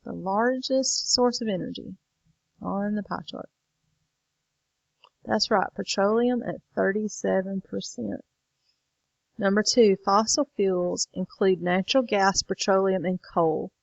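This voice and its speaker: A woman's voice: medium pitch, steady tone, a little slow, gravelly, no room sound, muffled recording. A woman teacher walking students through a lesson late in the evening, tired and yawning. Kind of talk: recorded lesson walkthrough.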